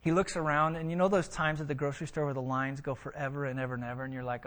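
A man's voice: a little high, little pitch movement, racing, fairly bright tone. A man preaching a sermon, emphatic and full of vivid storytelling. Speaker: pastor.

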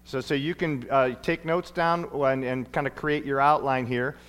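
A man's voice: medium pitch, steady tone, normal speed, fairly bright tone, clear, resonant tone. A middle-aged man preaching a sermon in a church, folksy and playful, often stumbling and restarting his sentences. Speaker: pastor. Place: church sanctuary.

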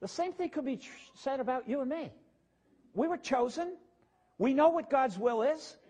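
A pastor with a strikingly high, husky voice preaches in a relaxed, everyday way. He talks to his congregation like he's chatting with them, dropping asides as he goes. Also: moderate pace. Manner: casual, plain-spoken preaching with asides to the congregation. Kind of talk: conversational sermon.

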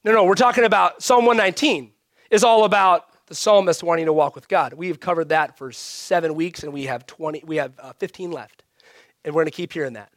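A male pastor preaching a sermon, emphatic, swinging between raised emphasis and hushed, almost whispered lines. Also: on the high side, brisk, dry recording, clean studio sound.

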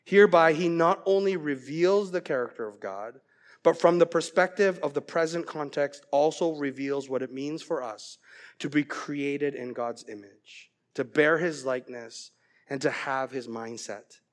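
A middle-aged man preaching a sermon as pastor, earnest and growing animated as he tells a story. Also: a little high, a little slow.

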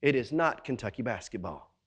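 A male pastor preaching a sermon, swinging between loud, emphatic stretches and low, quiet ones, with quick rhetorical questions. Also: animated, husky.

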